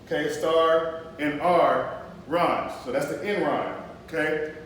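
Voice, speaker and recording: High-voiced male teacher in an echoey classroom. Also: steady tone, takes it slowly, fairly bright tone. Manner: explains patiently, checks in with "okay?". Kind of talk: classroom poetry lesson. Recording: echoey classroom, mic far off, faint noise.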